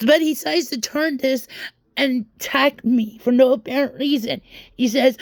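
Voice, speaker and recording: A young woman talks straight to her viewers in a rambling storytime vlog, venting her frustration and tripping over restarts as she goes. Her voice sits fairly high. The sound is dry and close. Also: normal speed, no room sound. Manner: frustrated, restarts and repeats words while venting. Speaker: vlogger.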